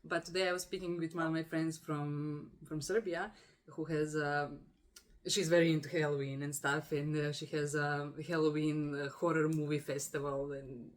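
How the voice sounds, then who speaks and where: A young woman from Croatia, hosting a casual video-call interview, warm and effusive with many fillers and laughs. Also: deep voice, level tone, moderate pace. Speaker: podcast host.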